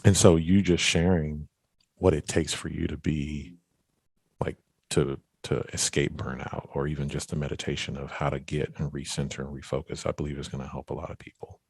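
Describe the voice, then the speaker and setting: A man's voice: rumbling low, flat delivery, moderate pace, darkish tone, slightly rough, dry recording. A man hosting a podcast interview, talking in a rambling, casual way with many restarts. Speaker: podcast host.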